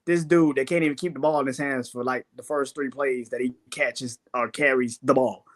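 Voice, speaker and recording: A man's voice: medium pitch, steady tone, moderate pace. A young man on a sports show, ranting in casual, profane talk and laughing often.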